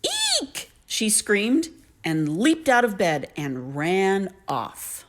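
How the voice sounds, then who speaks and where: A woman narrating a children's story aloud in an animated, lilting way. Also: mid-range voice, extremely slow.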